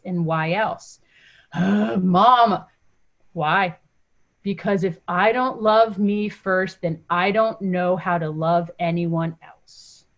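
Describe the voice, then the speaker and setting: A woman guest on a podcast, chatting casually and telling stories with lively acted-out quotes. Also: lowish voice. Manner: animated storytelling, acts out quoted voices. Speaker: podcast guest, mom coach. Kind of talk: casual interview chat.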